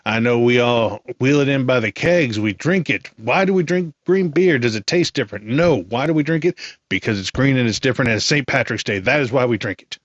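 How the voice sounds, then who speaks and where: A man talks his way through a casual solo podcast in a middle-range voice. He rambles, full of animated asides. The recording is dry and a little dull, with a lo-fi edge. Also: medium pitch, fairly quick, no room sound. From United States. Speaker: podcast host.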